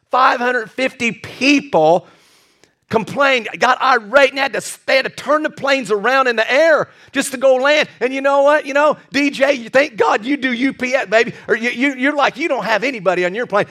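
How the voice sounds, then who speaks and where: A male pastor preaching a lively sermon with jokey asides and repeated restarts. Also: very high voice.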